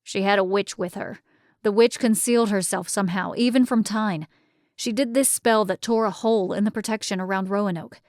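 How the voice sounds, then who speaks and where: A woman's voice: medium pitch, normal speed, a little mellow, no room sound, close to an everyday voice. A woman voicing a wry young druid man. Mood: guilty. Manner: dry, wry. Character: wry young male druid, loyal friend.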